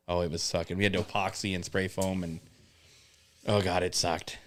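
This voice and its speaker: A man's voice: fairly low pitch, flat delivery, fairly quick. A man telling rambling work stories in casual chat, swearing often and acting out coworkers. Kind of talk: casual storytelling with profanity.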